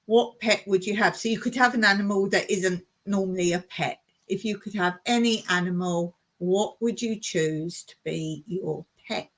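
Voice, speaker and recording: Slow, chatty woman hosting a live chat. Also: medium pitch, fairly bright tone. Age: older. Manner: chatty, laughs often, reads viewer comments aloud. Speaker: live stream host. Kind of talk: casual live chat reading comments.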